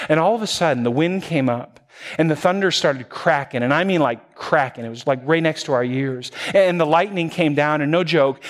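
A male pastor preaching in a loose, conversational style, with a voice sitting a bit higher than most men's. He restarts phrases often and slips small chuckles in as he talks to his congregation. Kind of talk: sermon.

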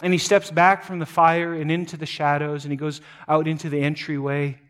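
A pastor preaches a sermon, dramatically retelling a scripture story and shifting between loud, emphatic passages and quiet, low asides. He often repeats words, speaks briskly, and keeps his pitch fairly flat.

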